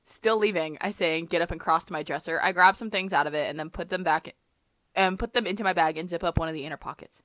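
A young woman with a slightly low, forceful, bright voice reads her old fan fiction aloud on a podcast. She keeps slipping from the text into wry, self-mocking asides. The recording is close and dry, with no room sound. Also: quick pace, no room sound. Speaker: podcast co-host.

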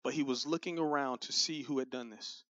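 A man who is a pastor, preaching a sermon in an animated, conversational way. He speaks straight to the congregation and does comic voices for the people in his stories. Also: mid-range voice, brisk, no room sound. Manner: conversational, addresses the congregation directly. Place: church sanctuary. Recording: dull, muffled sound with faint music.

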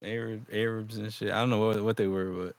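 A man's voice: lowish voice, fairly quick. Laid-back slangy man telling a story. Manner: animated, swears a lot, laughs often, slangy. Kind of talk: casual profane storytelling.

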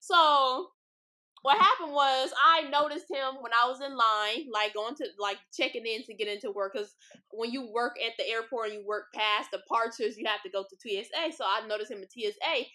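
A woman's voice: a little high, normal speed, sharp tone. A young woman from Los Angeles hosting a podcast, telling stories in a blunt, profane, chatty way, full of "like" and "y'all.". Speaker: podcast host. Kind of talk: casual storytelling monologue. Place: street-side spot with passing cars.

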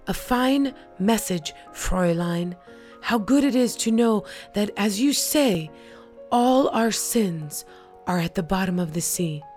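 A woman's voice: mid-range voice, lively intonation, takes it slowly, a little mellow, soft background music. A woman reading as an earnest ex-camp guard. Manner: read aloud in a quoted story. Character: former male prison camp guard, earnest, asking forgiveness.

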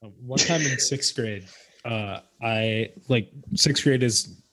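A young man co-hosting a podcast, telling stories in a casual chat with loud outbursts and mumbled asides. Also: medium pitch, slow, dry recording. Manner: animated storytelling, swings from mumbling to loud outbursts. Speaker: podcast co-host.

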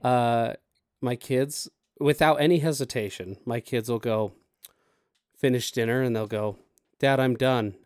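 A man's voice: mid-range voice, steady tone, a little slow, darkish tone, no echo. Male podcast co-host, easygoing dad humor, mid voice, dry mic. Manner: dad-joke storyteller, laid-back. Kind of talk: casual podcast chat.

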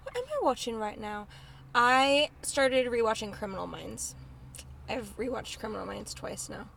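A woman's voice: fairly high pitch, lively intonation, normal speed, vocal fry, a bit bright, slight background noise. A young woman co-hosting a casual podcast, bubbly and rambling, often laughing as she talks. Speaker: podcast co-host. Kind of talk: casual chat.

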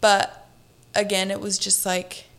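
A woman in her twenties, a podcast guest, telling a personal story in an animated, chatty way, with lots of "like". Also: mid-range voice, measured pace, gravelly. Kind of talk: casual storytelling interview.

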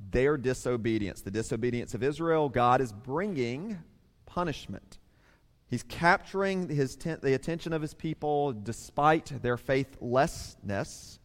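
Man, pastor, sermon, lively storytelling, talks to kids, echo of a big sanctuary. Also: mid-range voice. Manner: animated storytelling, addresses children directly. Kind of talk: sermon to a congregation with children. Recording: long reverb of a large hall.

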